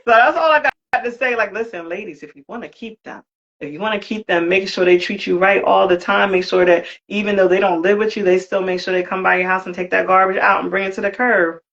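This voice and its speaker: A lively woman tells a funny story, jumping into the voices of the people in it and cursing as she goes. The recording sounds a little muffled and dull. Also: mid-range voice, fast, vocal fry. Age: older. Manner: lively, swears, acts out quoted voices. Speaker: guest, creator of a brand for Black women. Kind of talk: animated comic storytelling.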